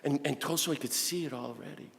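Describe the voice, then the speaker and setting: A man, a priest and guest speaker, giving an impassioned talk to a parish audience, shifting between urgent appeals and hushed storytelling. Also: a little high, brisk, gravelly. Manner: animated preaching that swings from fervent urging to hushed storytelling. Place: large church hall. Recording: long reverb of a large hall.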